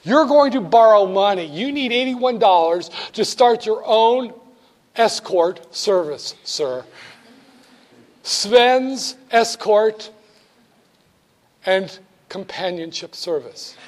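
High-voiced, jokey male instructor. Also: unhurried. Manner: jokey, animated, talks straight to students. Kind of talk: classroom lecture.

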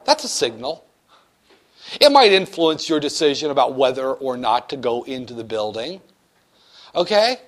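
A man teaching a finance class, explaining ideas with jokes and loud shouted asides. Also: mid-range voice, moderate pace, pauses often. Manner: lively and joking, with sudden shouted asides. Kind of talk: classroom lecture.

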